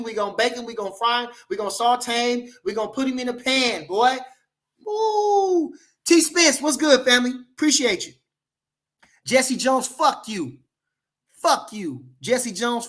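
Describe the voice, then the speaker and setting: This high-pitched male host rants through a boxing livestream, scanning the chat, swearing loudly, and peppering his trash talk with constant "you know"s.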